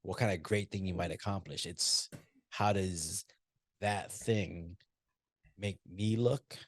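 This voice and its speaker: Low-voiced man co-hosting a casual podcast. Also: slow pace, breathy edge, no echo, clean studio sound. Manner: loose and profane, teasing. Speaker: podcast co-host. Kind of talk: casual chat.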